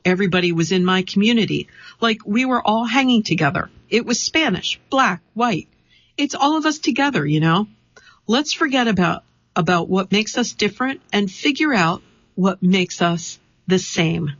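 A radio reading service host reading a magazine interview aloud, questions and answers alike, in an even, measured voice. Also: medium pitch, no room sound. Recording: dull lo-fi dry studio sound.

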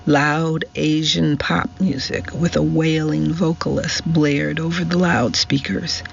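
A man narrating a novel for a radio reading service in a measured storytelling manner. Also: on the high side, gravelly. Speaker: audiobook narrator. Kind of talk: scripted narration. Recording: slightly muffled with faint hiss.

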